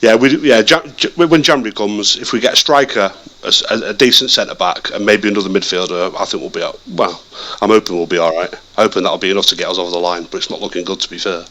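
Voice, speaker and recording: A man chatting casually about football as a podcast co-host, animated and often repeating words as he restarts his sentences. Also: lowish voice, fast talker, few pauses. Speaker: podcast co-host, Leeds fan.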